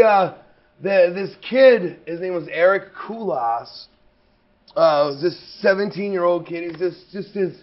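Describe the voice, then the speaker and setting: A man in his thirties, a pro wrestler in an interview, telling a story in an emphatic, profane, rambling way. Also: fairly high pitch. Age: 30s. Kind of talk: anecdotal storytelling. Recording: dull lo-fi recording.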